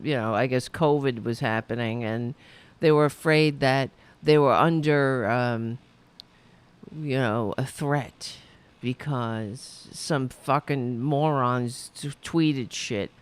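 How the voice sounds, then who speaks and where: Hosting her own livestream show, a woman with a very deep, clear and resonant voice speaks slowly to her viewers. She's casual, rambling and profane, with sudden emphatic rises in her delivery.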